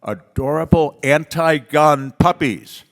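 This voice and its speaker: A man voicing a sly little girl in a joke, with sweet, slow, drawn-out words. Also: a little high, long reverb tail, voice pushed up.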